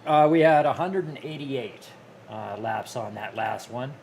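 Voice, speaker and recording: A man's voice: mid-range voice, measured pace, poor audio. Rambling easygoing man with background noise. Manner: relaxed, rambling with many fillers and restarts. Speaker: host. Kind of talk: casual live-stream chat.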